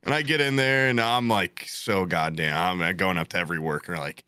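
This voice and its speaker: A young man telling a story in casual chat, animated and jokey, swearing often. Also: deep voice, moderate pace, clean tone, dry recording.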